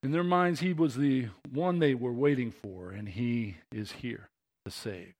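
Pastor preaching with rising passion. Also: male voice, mid-range voice, measured pace, a little mellow. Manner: conversational, building to impassioned emphasis. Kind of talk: sermon.

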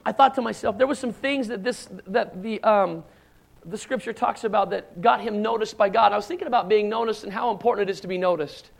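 Speaking fairly quickly in a high, creaky voice, a middle-aged man preaches a sermon filled with personal stories. His talk meanders conversationally, full of asides and restarts, and he acts out the shouted lines of his anecdotes.

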